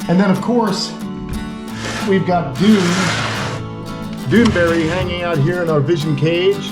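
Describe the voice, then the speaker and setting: A man's voice: medium pitch, normal speed, music in the background. A man hosting a casual vlog at a reptile sanctuary, talking with enthusiasm to the camera and to the animals, recorded on a camera mic indoors. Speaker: vlog host at a turtle and tortoise sanctuary.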